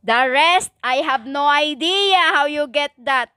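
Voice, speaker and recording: A woman preaching a stern religious monologue in halting non-native English, with many fillers and emphatic repetition. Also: high-pitched, sharp tone, dry recording, clean studio sound. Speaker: self-styled prophetic preacher.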